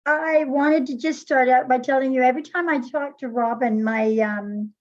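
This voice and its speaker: A woman speaking as a participant on a video-call webinar, sounding nervous and excited. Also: sits high, moderate pace, muffled recording. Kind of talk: casual chat.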